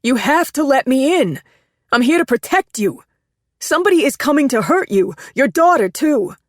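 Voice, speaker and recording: A woman's voice: mid-range voice, moderate pace, no room sound, clean studio sound, voice pushed up, natural voice. A woman voicing a desperate man who pleads urgently and insistently in a storybook reading. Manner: urgent, raised, pleading delivery.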